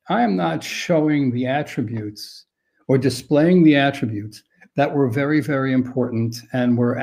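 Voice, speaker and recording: Older guy, warm mellow voice, talks slow and halting, lots of restarts, explaining dementia care. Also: medium pitch. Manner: thoughtful, halting, many restarts. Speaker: dementia care expert guest. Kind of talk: conversational advice on a live stream.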